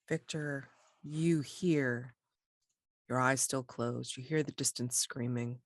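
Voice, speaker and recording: A woman narrating a tabletop role-playing game as game master, describing scenes in a measured way. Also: very deep voice, fairly even intonation, no echo, studio quality.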